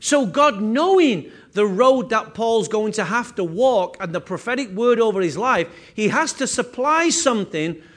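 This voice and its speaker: High-voiced man preaching a sermon. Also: animated, measured pace, few pauses, fairly bright tone. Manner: earnest preaching with repeated phrases and restarts. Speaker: pastor.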